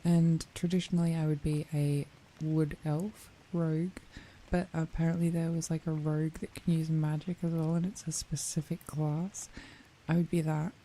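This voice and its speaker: A woman streamer in a whispered role-play, chatting playfully and softly with viewers and often giggling. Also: low voice, little pitch movement, moderate pace, low-quality recording.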